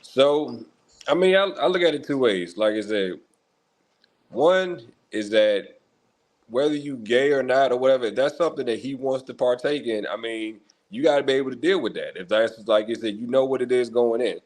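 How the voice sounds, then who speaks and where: A man's voice: mid-range voice, moderate pace, a little mellow. A man appearing as a guest on a podcast, talking in a laid-back, hesitant way. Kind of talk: casual chat.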